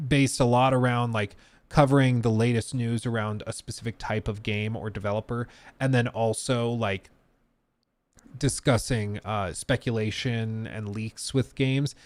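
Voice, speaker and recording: Male streamer, casual chat to camera, mid pitch, dry close mic. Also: no room sound. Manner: talks while reading and answering chat, many fillers and trailing asides.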